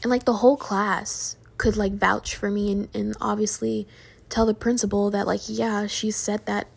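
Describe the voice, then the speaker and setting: A woman's voice: medium pitch, flat delivery, moderate pace, creaky, breathy edge. A young woman telling a personal story in a casual, rambling way at home, full of "like" and "um".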